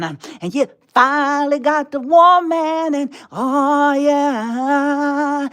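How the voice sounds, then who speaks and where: On a live stream, a woman with a high-pitched voice plays a tempter in a mocking monologue, drawling, laughing and dropping whispered asides.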